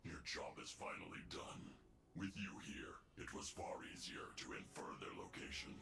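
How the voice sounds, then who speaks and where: Game villain, smug, gravelly, deep, bright edge, echoey room. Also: male voice, sing-song, moderate pace, exaggerated voice. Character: smug, calm male villain leader. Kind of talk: video game voice acting. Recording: roomy echo.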